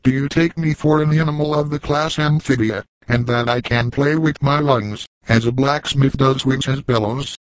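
A man's voice: mid-range voice, steady tone, normal speed, hardly any pauses, dry recording, close to an everyday voice, poor audio. A man reading the lines of a pompous, blustering naturalist doctor who talks in long, wordy speeches, in a dry, close sound.

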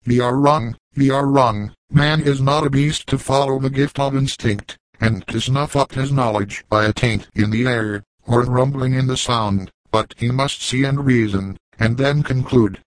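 A man voicing a calm, commanding old frontier trapper who speaks slowly and gravely. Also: mid-range voice, no echo, natural voice, low-quality recording. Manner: slow, deliberate and grave.

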